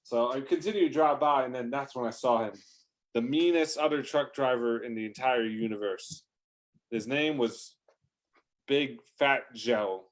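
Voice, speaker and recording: A man's voice: mid-range voice, measured pace. Man rambling through an improvised comic tale. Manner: rambling, self-interrupting, bursts into shouted lines. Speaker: comedic storyteller. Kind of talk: improvised comedic storytelling.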